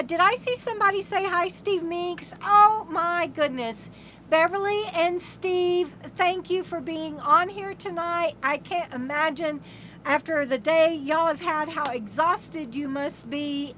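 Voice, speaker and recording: A high-pitched woman with a drawl chats on a live stream from her RV. She reads viewer comments aloud and rambles affectionately, often restarting her sentences. A faint hum of ambient noise sits behind her voice. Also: a bit bright. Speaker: RV travel vlogger, host of a live stream. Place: inside her RV.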